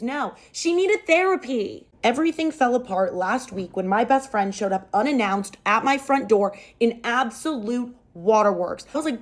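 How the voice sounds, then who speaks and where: A young woman retelling a story aloud in a chatty, animated way. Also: a little high, normal speed, few pauses.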